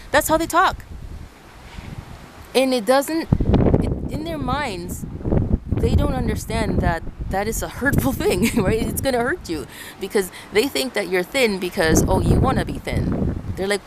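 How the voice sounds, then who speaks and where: A woman's voice: mid-range voice, lively intonation, normal speed. A woman from Ecuador talking to camera outdoors in a casual vlog, giving earnest advice and repeating herself as she goes. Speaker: vlogger. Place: outdoors on a windy day. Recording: loud wind noise buffeting the mic outdoors.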